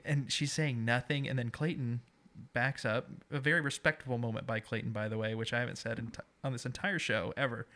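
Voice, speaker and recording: A man co-hosting a podcast, recapping a TV show in casual chat and telling the story in an animated way with hesitant restarts. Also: medium pitch, fairly quick. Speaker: podcast co-host.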